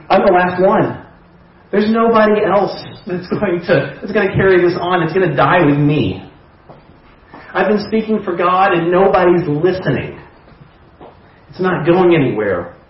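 A preacher doing a worn old prophet who feels he is the last one left, speaking in a resigned, commiserating tone. His voice is slightly high, and it carries a big hall echo, picked up from far off with a dull, muffled tone. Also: lightly acted. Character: tired old male prophet on the run, hopeless. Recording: echoey hall, distant mic, dull sound.

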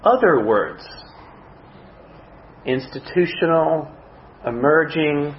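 Animated high-pitched man preaching. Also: takes it slowly, reverberant, muffled recording, a little hiss or hum. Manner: animated, self-mocking humor. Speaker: pastor. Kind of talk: sermon.

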